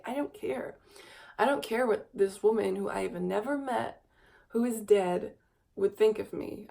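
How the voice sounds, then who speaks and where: Tired twenty-something woman rambling to her camera, gravelly fry, medium pitch. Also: warm tone. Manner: rambling and wistful, coos in a high baby voice. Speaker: vlogger. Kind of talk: personal confessional vlog.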